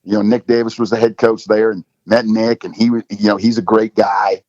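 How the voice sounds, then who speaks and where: A man's voice: fairly low pitch, flat delivery, fairly quick, darkish tone, no echo. A middle-aged man, a football coach, telling stories in a casual interview with lots of "you know" fillers. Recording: dull lo-fi dry recording.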